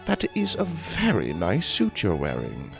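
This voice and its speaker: A man's voice: low-pitched, huge pitch swings, unhurried, gravelly, faint music behind, voice pushed down, full character voice. A man voicing a stern, short-tempered manners teacher with a stiff, formal way of speaking in a storybook reading. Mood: smug.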